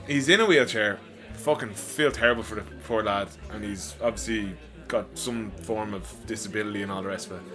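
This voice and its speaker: A man's voice: lowish voice, a little fast, music in the background. An Irish man co-hosting a podcast, laying out blunt opinions in casual chat and swearing freely. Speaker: podcast co-host.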